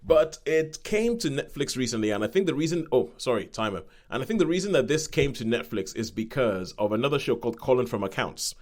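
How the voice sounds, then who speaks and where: With big pitch swings, a medium-pitched male podcast host talks fairly quickly and barely pauses. He rambles casually through a review, keeps correcting himself, and acts out the voices he quotes.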